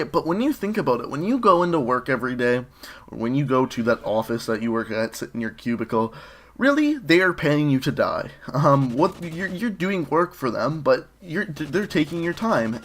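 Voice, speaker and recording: Young man rambling over gameplay. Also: medium pitch. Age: young adult. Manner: rambling, conversational, frequent fillers and restarts. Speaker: gaming commentary host. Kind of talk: casual commentary over gameplay.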